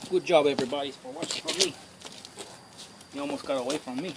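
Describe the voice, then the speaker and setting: Working beside an outdoor fire, this man kids around in casual commentary aimed at himself and his audience, recorded on a phone camera amid loud outdoor noise. He speaks fast in a slightly high voice.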